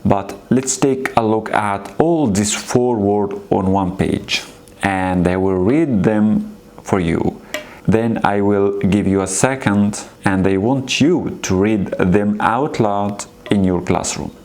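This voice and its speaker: A man's voice: on the low side, slow pace, a little mellow. A man teaching a beginner language lesson, patiently repeating words and encouraging the learners. His first language is Arabic.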